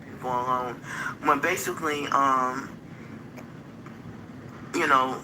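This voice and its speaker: A woman in a played stream clip rambling on about being harassed and manipulated, with many pauses and fillers. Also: extremely low pitch, background noise. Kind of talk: rambling monologue.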